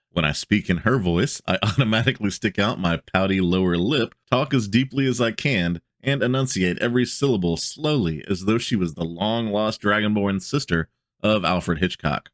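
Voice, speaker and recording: A man's voice: fairly low pitch, no echo, studio quality. A man hosting a tabletop gaming video, reading a blog post aloud and breaking off into casual joking asides.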